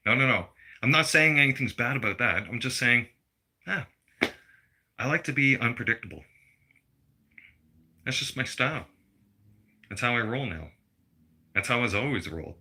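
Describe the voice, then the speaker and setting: A man's voice: medium pitch, lively intonation, normal speed, pauses often, pushed and bright. A man, delivering a blunt, heated political rant full of swearing. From Canada. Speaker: vlogger.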